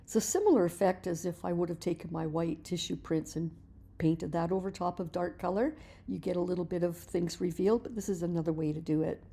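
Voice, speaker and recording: Gravelly low-voiced woman teaching painting. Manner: relaxed, chatty, explains while working, repeats words as she restarts. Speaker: art teacher. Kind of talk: painting tutorial voice-over.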